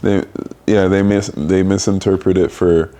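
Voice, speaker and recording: A man's voice: deep voice, flat delivery, normal speed, warm tone. A young adult man hosting a candid conversational podcast, speaking reflectively in short, repeated phrases. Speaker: podcast host.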